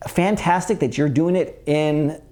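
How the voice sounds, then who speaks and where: A man's voice: fairly high pitch, dark tone. A middle-aged man hosting a podcast, chatting casually and telling stories, acting out the voices of the people he quotes. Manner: fast storytelling, acts out quoted voices. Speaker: podcast host. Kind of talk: casual chat.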